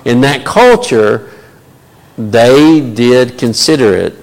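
A man's voice: mid-range voice, sing-song, takes it slowly. A man teaching a Bible study in a conversational way, with many fillers and asides. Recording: long reverb of a large hall.

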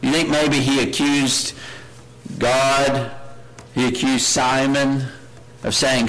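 A man's voice: medium pitch, level tone, a little slow, fairly bright tone, low-quality recording. A man preaching a sermon, earnest, asking his listeners questions and reading scripture aloud with rising emphasis. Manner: earnest, asks the congregation many questions.

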